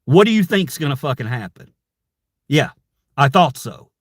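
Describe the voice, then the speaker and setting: On his own channel, a male host rants furiously at his online critics during a livestream, swearing and confronting them. His mid-range voice swings widely in pitch at a moderate pace, captured cleanly in the studio with no room sound.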